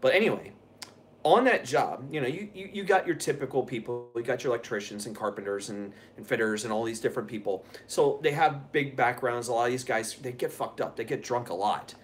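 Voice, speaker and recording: Speaking at a fairly quick clip in a medium-pitched voice, a man runs a live stream and replies to his chat. He's casual and rambling, tells profane stories, and keeps breaking into laughter.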